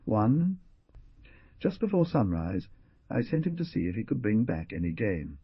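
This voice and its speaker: A man voicing a sweet, timid young woman alone at a frontier inn, with a husky voice. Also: fairly low pitch, sing-song, a little slow, dry recording, highs cut off, exaggerated voice. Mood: earnest. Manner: sweet, earnest.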